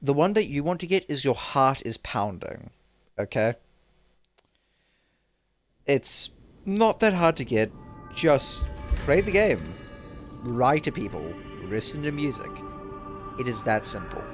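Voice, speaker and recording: A man's voice: mid-range voice, sing-song, a little slow, pauses often, faint music behind. A young man casually commenting on his gameplay, rambling and restarting his thoughts. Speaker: gamer.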